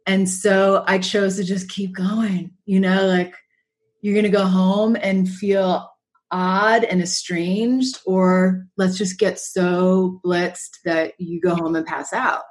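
A woman guest author talking thoughtfully in a podcast conversation, often pausing to find her words. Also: mid-range voice, flat delivery. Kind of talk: reflective conversation.

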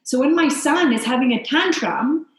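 A woman's voice: high voice, normal speed. A woman from Poland, a guest on a podcast, telling personal stories in an earnest, reflective way. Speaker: guest, founder and coach for mothers. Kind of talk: heartfelt podcast interview. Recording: very echoey room.

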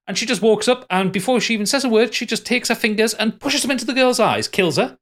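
A man's voice: high-pitched, lively intonation, fast, a bit bright. A man, co-hosting a casual podcast, recapping a bad film in a sweary, exasperated way with many restarts. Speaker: podcast co-host reviewing a film. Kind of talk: casual chat.

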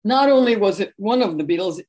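A woman from New York, a guest author telling animated anecdotes in an interview. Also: medium pitch, fairly quick. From New York, USA. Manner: animated anecdotal storytelling with laughter. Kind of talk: conversational interview storytelling.

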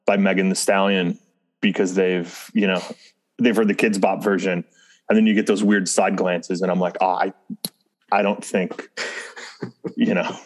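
A middle-aged man with a low-set voice talks in easy casual conversation. He rambles, doubles back on his words and laughs lightly often. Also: flat delivery, normal speed. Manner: rambling, self-interrupting, chuckles often. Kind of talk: casual chat.

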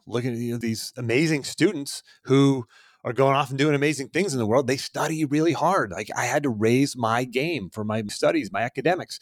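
A man's voice: medium pitch, dry recording, studio quality. A man in his thirties hosting a podcast, giving a motivational monologue in a conversational way with frequent fillers. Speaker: podcast host.

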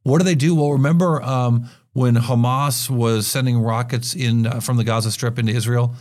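A man of ordinary pitch hosts a business podcast and explains company news as if chatting with a co-host. He is conversational and stumbles into restarts as he thinks aloud. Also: fairly even intonation, a little mellow. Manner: conversational, quick asides, frequent restarts.

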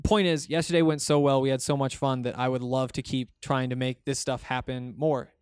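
A man's voice: mid-range voice, flat delivery, brisk, darkish tone, smooth, no echo, studio quality. A young man hosting a casual solo podcast, talking in a rambling, conversational way with many fillers and restarts as he answers listener comments. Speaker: podcast host.

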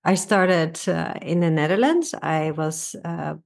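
A woman physician from Suriname answers interview questions in a measured, slightly hesitant way. Her voice sits a little low. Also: lively intonation, gravelly. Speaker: physician guest.

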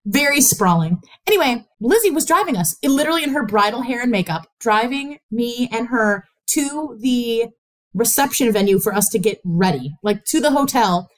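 A woman with a Midwestern, slightly Chicago-flavored accent tells a story on a podcast. Her voice is high and a little nasal, and she laughs often as she goes. The delivery is lively and casual. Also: normal speed. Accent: US Midwestern, Chicago-tinged. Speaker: interviewer, host's sister.

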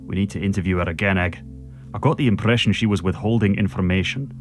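A man voicing a frustrated, driven male detective with a gruff Scottish accent. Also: deep voice, fast talker, soft background music, pitched below the performer's own voice, close to an everyday voice. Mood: stern. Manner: gruff, exasperated.

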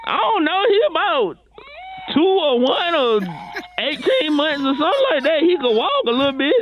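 A man's voice: very high voice, sing-song, moderate pace, muffled recording, a little hiss or hum. A man playing a lazy, excuse-making caller who dodges work, talking in a whiny, rambling way full of sighs. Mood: complaining.

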